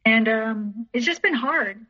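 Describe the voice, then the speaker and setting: Woman, podcast guest, recounts her past in a rambling, repetitive way; fairly high voice; muffled lo-fi recording. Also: expressive, slow, sharp tone. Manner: rambling, repeats herself, acts out others' lines. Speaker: teacher. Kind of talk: personal storytelling in an interview. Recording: dull lo-fi recording.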